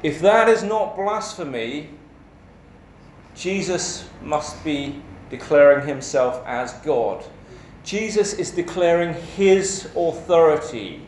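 Slow, echoey male preacher. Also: on the high side, lively intonation, a little mellow, a little hiss or hum. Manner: measured, emphatic delivery with rhetorical questions. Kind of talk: sermon. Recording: echoey church hall with faint ambience.

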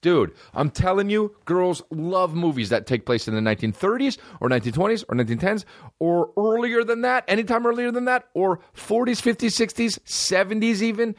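A man's voice: sits high, a little fast, dry recording, clean studio sound. A man hosting a podcast, ranting in a profane, rambling, comedic monologue. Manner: profane, rambling, animated rants. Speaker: podcast host.

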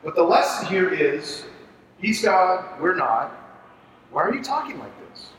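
A man leading a Bible study for ministry leaders, talking in an animated, conversational way and asking the group to agree. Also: high voice, measured pace, slight background noise. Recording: echoey room, far from mic.

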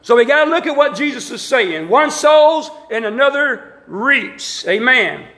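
A man's voice: extremely high pitch, lively intonation, measured pace, sharp tone, echoey room. A middle-aged man with an Alabama Southern accent, preaching a sermon to his congregation with call-and-response, emphatic rising lines and folksy asides. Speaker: pastor. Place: church sanctuary.

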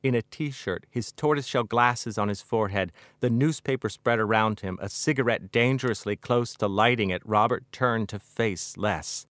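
A middle-aged man, the author, reading his own novel aloud in a measured, wry narration. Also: lowish voice, a bit bright, dry recording.

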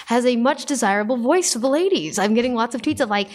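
A woman's voice: a little high, animated, fast. A woman hosting a live podcast on a small club stage, chatty and giggly with lots of fillers. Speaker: podcast host.

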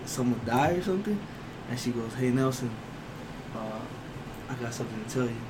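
A man's voice: mid-range voice, expressive, fairly quick, very noisy. A young man casually telling friends a rambling story, laughing as he goes. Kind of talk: casual chat.

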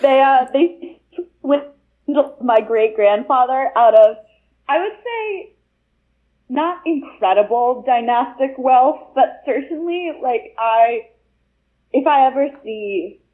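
A woman's voice: a little high, expressive, slow. A woman guest telling a story in a breezy, wry way, with lots of "like" as filler. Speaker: guest author. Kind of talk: conversational storytelling. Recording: tinny phone-line sound.

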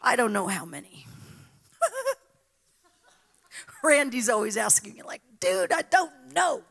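A middle-aged woman preaching a sermon, telling a story with sudden drops to a whisper and loud cries. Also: on the high side, huge pitch swings, slow, vocal fry, slightly rough. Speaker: guest preacher.

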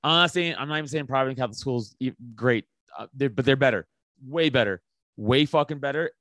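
Podcast guest, male, American, blunt and profane, mid pitch, dry studio. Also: brisk, a bit bright, no echo. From United States. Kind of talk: casual podcast chat.

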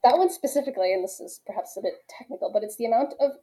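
Mellow woman patiently explaining physics. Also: on the high side, rapid-fire, rough recording. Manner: patient, explains step by step with analogies. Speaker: guest expert, nuclear physicist. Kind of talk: casual explanatory podcast talk.

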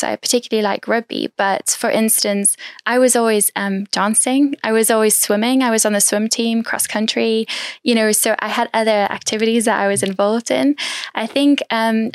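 A woman's voice: fairly high pitch, clean tone, dry recording, clean studio sound. A woman in her thirties from South Africa, a podcast guest, talking openly and chattily, with light laughs between thoughts. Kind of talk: casual interview chat.

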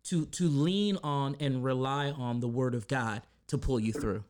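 A man's voice: medium pitch, a little slow, darkish tone. A man hosting a faith podcast, affirming his guest with frequent encouraging interjections. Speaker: podcast host.

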